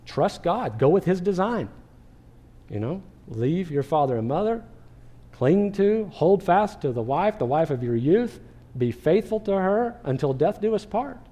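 A man's voice: a little high, dark tone. A man preaching a sermon, talking to the congregation in a conversational way and asking many rhetorical questions. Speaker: pastor.

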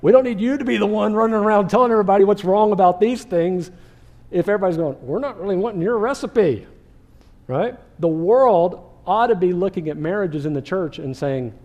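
A man's voice: high voice, a little fast, a little mellow, lo-fi sound. A man preaching a sermon, talking to the congregation in a conversational way and asking many rhetorical questions. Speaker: pastor.

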